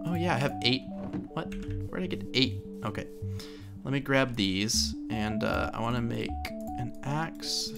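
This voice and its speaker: A man's voice: mid-range voice, creaky. A young man from Oklahoma chatting casually while playing a building game, thinking aloud and correcting himself as he goes. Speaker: Minecraft let's play host. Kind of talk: casual gameplay commentary.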